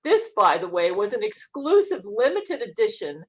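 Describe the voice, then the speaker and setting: A woman reads her comic story aloud at an ordinary, mid-range pitch, her intonation rising and falling in lively arcs. The delivery is storytelling, with emphasis moving from phrase to phrase. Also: moderate pace. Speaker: author reading her story.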